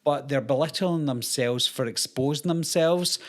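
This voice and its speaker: A man's voice: on the high side, normal speed, fairly bright tone. A Scottish man hosting his channel, talking earnestly and casually straight to camera. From Scotland. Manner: earnest, conversational, explaining. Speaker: YouTube host.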